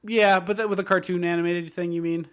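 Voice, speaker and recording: A man co-hosting a podcast in casual chat, ranting in a lively, mocking way. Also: sits high, fast, clear, resonant tone. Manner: animated, mocking rants. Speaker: podcast co-host.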